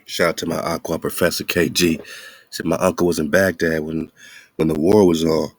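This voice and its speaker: Male radio host, very low voice, preachy slangy rants, dry recording. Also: dry recording. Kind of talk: casual commentary.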